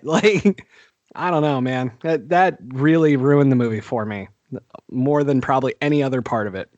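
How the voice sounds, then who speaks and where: A man's voice: a little high, normal speed, no room sound, lo-fi sound. A man co-hosting a podcast, chatting casually about a horror film, laughing often and swearing freely. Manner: laughing, profane, animated. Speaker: podcast co-host.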